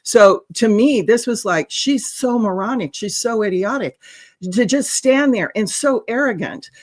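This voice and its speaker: Female guest, animated and outraged, stumbling through restarts. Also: a little high, measured pace. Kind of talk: casual political chat.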